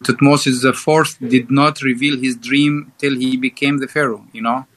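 Man speaking halting, filler-heavy English. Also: mid-range voice, steady tone, fairly bright tone. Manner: halting, many fillers and restarts. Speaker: guest guide. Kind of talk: casual interview chat.

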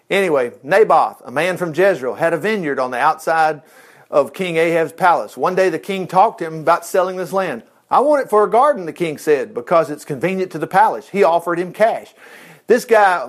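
Middle-aged guy preaching, high voice, real animated, jumps all over with side comments. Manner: animated, swings pitch widely, asides and exclamations. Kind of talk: sermon, retelling scripture.

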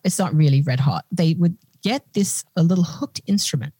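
A woman's voice: fairly low pitch, normal speed, warm tone, slightly rough, no room sound. A woman podcast co-host chatting casually and irreverently, explaining with jokes. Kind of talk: casual chat.

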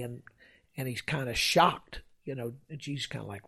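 A man preaches with a rough, gravelly edge and a slightly breathy, husky tone. He teaches in an unhurried way, pausing on filler sounds and reading old-style scripture aloud. His pitch sits in the middle range for a man. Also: sharp tone. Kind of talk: sermon-style teaching with personal story.

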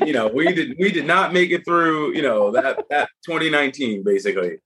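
A middle-aged man with a husky, slightly breathy voice talks casually as a podcast guest. He tells his stories in an animated way and acts out what people said in them. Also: fairly high pitch, brisk. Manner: animated, acts out quoted speech. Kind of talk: casual conversational storytelling.

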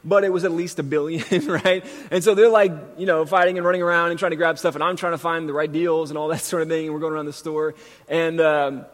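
Thirties male pastor, lightly raised pitch, chatty sermon storyteller, long church reverb. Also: quick pace. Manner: conversational, self-deprecating, animated storytelling. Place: church sanctuary. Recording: long reverb from a large hall.

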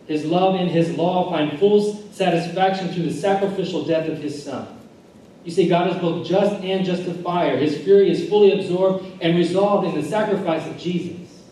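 A male pastor delivers a sermon in an earnest, mellow voice that sits a little high, circling back over his phrases as he builds each point. He is heard from a distance in a big, booming hall, with faint noise underneath. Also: moderate pace. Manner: earnest preaching with repeated phrases and restarts. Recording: echoey church hall recording from far off.

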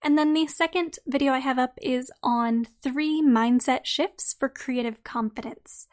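A woman hosting a podcast who talks straight to her listeners in a friendly way and then reads out her own article, her voice slightly croaky today. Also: high voice, measured pace. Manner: friendly, direct address to listeners. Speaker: podcast host. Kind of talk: podcast monologue and article reading.

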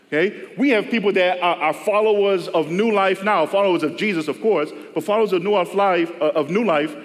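Man, pastor, conversational sermon, slightly high pitch, long church reverb. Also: brisk, hardly any pauses. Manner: conversational preaching, acts out quoted voices. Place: church service.

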